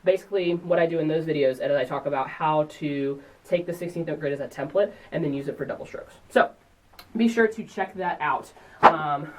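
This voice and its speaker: A woman drum teacher giving a relaxed, encouraging instructional lesson in a percussion studio and counting beats aloud. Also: deep voice, distant mic, poor audio.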